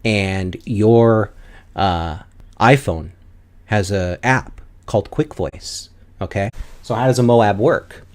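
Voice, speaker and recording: A male streamer in a casual comic rant, mocking and animated, with some whispered asides. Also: lowish voice, slow.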